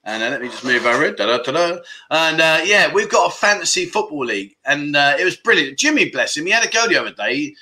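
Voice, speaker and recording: Guy hosting a chatty livestream, really bright tense voice, jokey, keeps laughing and grumbling at viewers. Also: on the high side, big pitch swings, quick pace, few pauses. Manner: jokey, laughs often, mock-grumbling banter. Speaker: livestream chat show host. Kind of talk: casual livestream chat, reading viewer comments.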